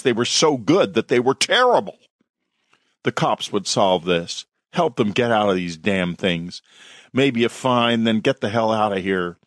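Slow, measured male storyteller. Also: fairly low pitch, no room sound, clean studio sound. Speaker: author reading his own story. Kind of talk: scripted horror story narration.

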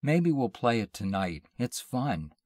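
A man reading aloud and voicing a playful, mischievous young wife, lifting his deep voice for her coaxing lines. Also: sing-song, a little slow, darkish tone, no echo, clean studio sound.

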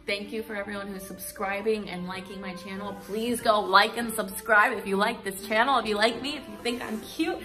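A woman's voice: mid-range voice, fairly even intonation, brisk, hardly any pauses, roomy sound, over music. A woman in her thirties talking candidly to her channel's viewers, rambling and emotional, her voice sometimes dropping to a whisper. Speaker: YouTube vlogger. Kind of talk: candid confessional vlog.

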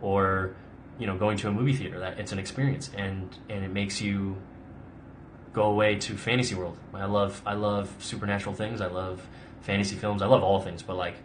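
A man's voice: fairly low pitch, flat delivery, brisk, slight background noise. A young adult man answering viewer questions in a casual live stream, rambling with lots of "like" and restarts. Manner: chatty, rambling, frequent "like" and restarts. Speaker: actor hosting a live Q&A.

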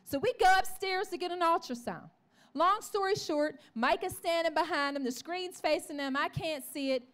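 A woman with a strikingly high voice preaches a testimony in church. She tells her story with animation, slipping into the voices of the people in it and calling out to the congregation. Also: normal speed, fairly bright tone. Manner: calls out to the congregation. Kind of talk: sermon testimony.

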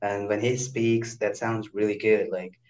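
Young indian guy on a video call, lowish voice, eager, keeps restarting. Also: unhurried, a little hiss or hum, low-quality recording. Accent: Indian English. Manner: animated, eager, frequent restarts. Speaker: English learner. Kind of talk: casual video-call conversation. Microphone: computer mic on a video call.

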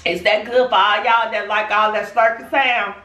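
Sassy chatty woman, bright echoey voice. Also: medium pitch, steady tone, moderate pace, a little hiss or hum. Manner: chatty, sassy, talks straight to viewers. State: pregnant. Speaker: vlogger. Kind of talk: casual food challenge vlog. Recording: echoey room, mic at a distance.

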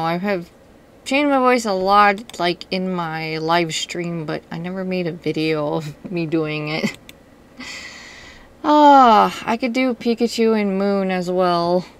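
A woman's voice: lowish voice, clean tone. A woman hosting her own channel, reading viewer mail in a rambling, chatty way. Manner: rambling, chatty, easily distracted. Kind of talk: casual vlog chat.

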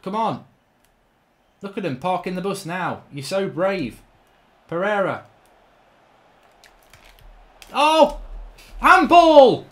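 A man with a rather high voice narrates his gameplay as a channel host. He rants in exasperation and swears freely. He grumbles under his breath one moment and yells in disbelief the next. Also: expressive, unhurried, pauses often. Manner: exasperated ranting, frequent swearing, swings from mutters to shouts. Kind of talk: live gameplay commentary.

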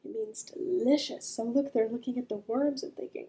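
A woman reading a picture book aloud to children as a librarian, gently asking the listener questions and drawing out the sound words. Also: on the high side, steady tone, normal speed, poor audio.

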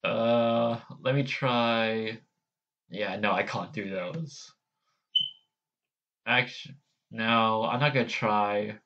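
A man's voice: lowish voice, extremely slow, long pauses, fairly bright tone, muffled recording. A man hosting a casual vlog, hesitant and self-deprecating as he tries out character voices. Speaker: channel host.

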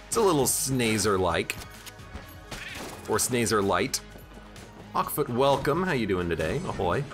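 A streamer plays a video game and chats with his viewers, offering casual, jokey commentary with music underneath. His voice is on the low side, with a sing-song lilt and a slightly slow delivery.

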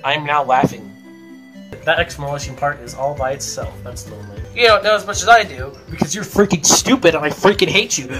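This let's play commentary comes from a gaming YouTuber with a mid-range voice who talks a little fast over background music. Jump scares draw yelps and laughter, and silly jokes and playful insults fly freely.

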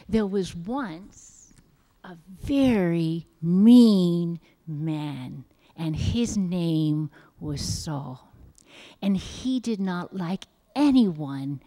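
A woman giving a children's sermon in church, reading a Bible story in a gentle, expressive storytelling manner. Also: fairly low pitch. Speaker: children's message leader at church. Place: church sanctuary.

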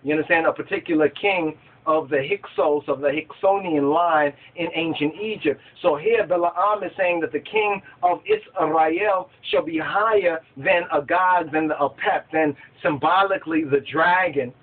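A man's voice: on the high side, moderate pace, hardly any pauses. A man leading a Bible study who reads verses aloud and keeps asking his listeners whether they understand. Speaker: scripture study teacher. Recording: tinny phone-like line.

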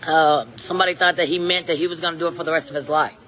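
A woman's voice: low voice, fairly even intonation, racing, a bit bright, a little hiss or hum. A middle-aged woman, chatting casually to live-stream viewers and her kids outdoors on a phone. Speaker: vlogger and mom. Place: outdoors at a scenic waterfall spot.

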